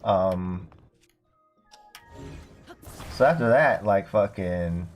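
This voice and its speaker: A man's voice: deep voice, animated, drawn-out words, soft background music. A young man streaming a game, telling a long rambling story full of swearing and filler words. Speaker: streamer and bartender. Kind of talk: casual storytelling while livestreaming a game.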